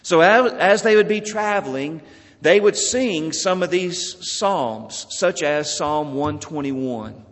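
Slow-preaching man in a reverberant hall. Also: on the high side, expressive. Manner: slow, measured preaching with emphatic rises and soft drops. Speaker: pastor. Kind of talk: sermon. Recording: long reverb of a large hall.

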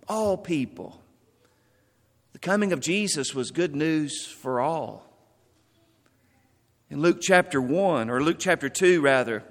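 A man preaching a sermon, telling a folksy joke and then slowly repeating key words for emphasis. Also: on the high side, a bit bright, big-room sound. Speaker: pastor.

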